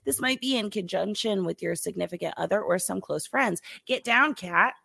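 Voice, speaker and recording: A woman's voice: mid-range voice, normal speed, creaky, bright, forceful tone, husky, no echo. A woman co-hosting a casual podcast, playful and giggly, reading out horoscopes. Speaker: podcast co-host.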